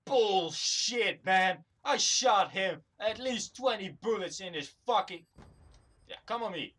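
A man's voice: sits high, lively intonation, a little slow, bright, forceful tone, breathy edge. A man giving angry gameplay commentary, swearing constantly and ranting at other players. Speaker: gamer recording his own play.

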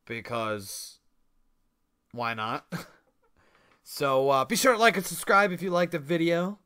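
A man giving casual let's-play commentary on a life-sim game, excitable and slangy, laughing often. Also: fairly high pitch, slow, clear, resonant tone, dry recording, clean studio sound.

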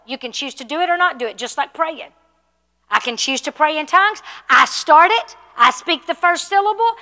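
A high, bright woman's voice carries through a church hall with a long, echoing tail. She teaches a class like a pastor, talking it through and checking in with her listeners. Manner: conversational, asks the room questions. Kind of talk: sermon teaching.

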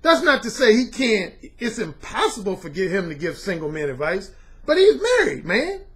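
A man's voice: high-pitched, big pitch swings, moderate pace, fairly bright tone. A middle-aged man and dating coach talking bluntly and casually to his viewers, dropping "man" and slang as he goes. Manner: blunt, colloquial, repeats "man".

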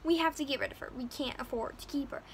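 A woman's voice: sits high, quick pace, a little hiss or hum. A woman voicing a poor, exasperated mother who nags and pleads with her son. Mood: pleading. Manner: nagging, pleading.

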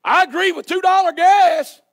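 High-pitched preacher hollering. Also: male voice, moderate pace, vocal fry. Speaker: pastor. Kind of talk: sermon. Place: church sanctuary.

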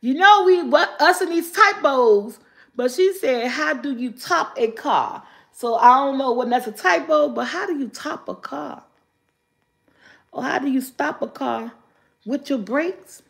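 This older vlogger runs a casual live stream, talking with her audience, reading out their comments and laughing frequently. She speaks in a high, unhurried voice with vocal fry.

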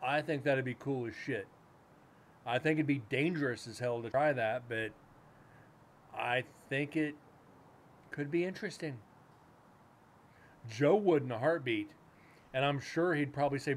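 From a room at home with a cat nearby, a man hosts a paranormal livestream in a medium-pitched voice, measured and often pausing. His chat is casual, loose and rambling, with some swearing.

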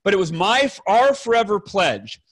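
A man telling an emotional personal story to other fathers as a podcast guest, earnest and rambling, correcting himself, clearing his throat and swearing now and then. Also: high voice, wildly swooping pitch, normal speed.

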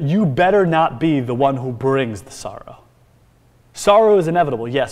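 Guy preaching a sermon, kinda high voice, big swings from quiet to loud, long church echo. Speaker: pastor. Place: church sanctuary.

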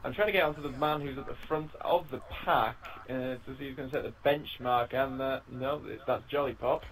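A man's voice: medium pitch, fairly even intonation, fairly quick, a bit bright, low-quality recording. A man commentating an online racing league, playful and laughing often, with frequent restarts. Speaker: race commentator.

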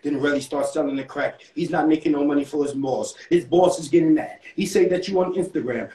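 A man narrates a joking mock eulogy in a theatrical, over-the-top way. His voice sits high, and the room rings with echo. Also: a little fast, few pauses, warm tone. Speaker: comedic storyteller host. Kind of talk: mock funeral storytelling.

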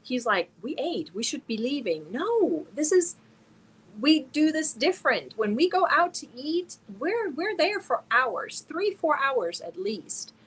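A woman's voice: high voice, very animated, slow. Woman chatting on a live stream. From Germany. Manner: reads chat messages aloud and answers viewers warmly one by one. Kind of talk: casual live stream chat.

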